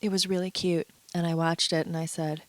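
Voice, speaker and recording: A woman's voice: on the low side, little pitch movement, brisk, no room sound. A woman vlogger in a casual, chatty monologue, playful and full of asides, a little stuffy and under the weather. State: stuffy, feeling unwell.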